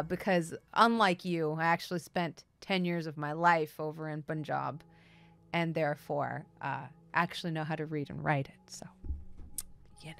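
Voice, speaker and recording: Bright-voiced woman ranting sarcastically. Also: low voice, creaky. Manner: rambling, profane, sarcastic, lots of "like". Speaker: streamer host. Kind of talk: casual ranting commentary.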